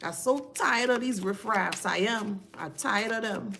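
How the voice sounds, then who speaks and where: Over some background noise, a woman speaks at medium pitch with vocal fry and a measured pace. During her casual live-stream spiritual reading, she stresses her points, says things more than once, and calls out viewer names in thanks.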